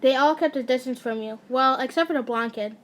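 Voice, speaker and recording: A woman with a high voice reads fan fiction aloud in a loose, casual way. She stumbles, restarts lines and stops to make jokes. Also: brisk, a bit bright. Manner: stumbling, restarting, breaking off to joke and laugh. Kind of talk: casual storybook reading.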